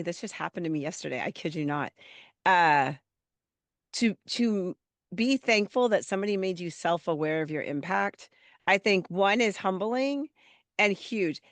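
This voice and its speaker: Female podcast host, chatty animated storyteller, slight head cold, dry close sound. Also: medium pitch, normal speed, dry recording. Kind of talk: podcast conversation.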